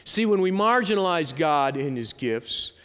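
A high-pitched male pastor delivers an animated, emphatic sermon. His voice rises sharply on key points, then falls back, and it rings out in a large church hall with a long echo. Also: a little slow, clear, resonant tone. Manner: animated, emphatic preaching with sudden rises and drops. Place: church sanctuary.

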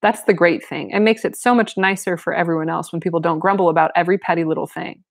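Woman reading a prim cult lady, brisk, pointed, passive aggressive, kinda low voice. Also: steady tone, no room sound, studio quality.

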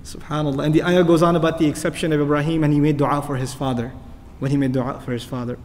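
A man's voice: a little high, flat delivery, quick pace, a little mellow. A man teaching a Quran commentary lecture, speaking emphatically and reciting Arabic verses between explanations. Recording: long hall reverb.

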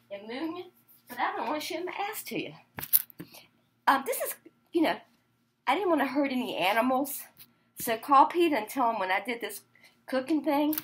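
A woman's voice: fairly high pitch, a bit bright, a little hiss or hum, rough recording. An older woman ranting profanely and defiantly as she cooks in her home kitchen for her video, with no one behind the camera. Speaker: cooking vlogger. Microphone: camera without an operator.

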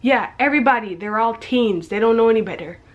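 A woman's voice: fairly high pitch, fast, slight background noise. A young woman reading her teenage diary aloud, breaking off for chatty, self-mocking asides and frequent giggles. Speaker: vlogger.

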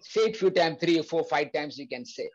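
A man's voice: a little high, fairly quick, lo-fi sound. A man leading a Bible study, preaching earnestly with repeated phrases and frequent fillers. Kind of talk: preaching to a prayer group.

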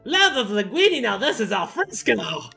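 A man's voice: sits high, very animated, unhurried, gravelly, bright, forceful tone, faint music behind, pitched above the performer's own voice, full character voice. A man voicing a flamboyant rich casino-ship owner in a game read-along, with hammy mock-Italian flourishes. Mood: boastful.

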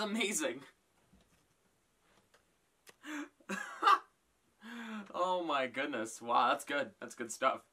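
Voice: mid-range voice, big pitch swings, extremely slow, pauses often, bright, forceful tone. A YouTuber hosting a casual reaction vlog, reading tweets aloud and reacting with frequent exclamations. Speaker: YouTuber host.

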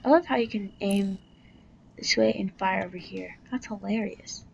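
A woman's voice: medium pitch, normal speed, gravelly, darkish tone. A young woman giving casual commentary while playing a game, blurting swears and gasps and dropping into whispered asides. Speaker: gamer playing a game on video. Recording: dull lo-fi recording with faint noise.

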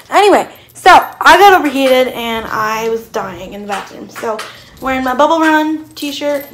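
A woman's voice: sits high, animated, normal speed, a little hiss or hum. A young woman vlogging to camera in a rambling, blunt, chatty way with lots of fillers. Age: young adult. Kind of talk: casual chat to camera.

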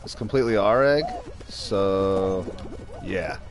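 A man's voice: low voice, lively intonation, takes it slowly. A young man giving casual, joking commentary while streaming a game, rambling and snapping at teammates now and then.

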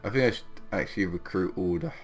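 A man playing a video game, commenting casually, swearing and laughing often, swinging between loud outbursts and quiet mutters. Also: deep voice, quick pace, gravelly, soft background music. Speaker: gaming host.

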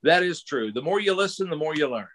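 Lively middle-aged storytelling man. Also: a little high, fast. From Missouri, USA. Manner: animated storyteller, acts out other people's voices. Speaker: voice actor, interview guest. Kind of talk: casual storytelling interview.

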